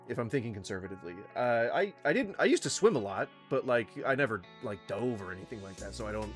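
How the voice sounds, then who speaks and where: Male streamer, casual profane rants, mid-pitched voice, faint music underneath. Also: a bit bright. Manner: ranting, swears often, laughs a lot. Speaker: streamer reacting to videos.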